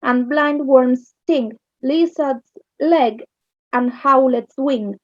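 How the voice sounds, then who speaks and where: A woman with an Argentine accent teaching English literature, explaining slowly and checking understanding with "yes?". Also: high-pitched, no room sound. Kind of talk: recorded online lesson. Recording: dull lo-fi sound.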